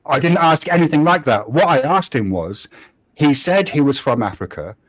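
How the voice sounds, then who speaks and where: A man's voice: fairly high pitch, big pitch swings, moderate pace, no room sound, poor audio. A man from England with a generic English accent and a faint London edge, talking bluntly in a casual chat and swearing freely. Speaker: host.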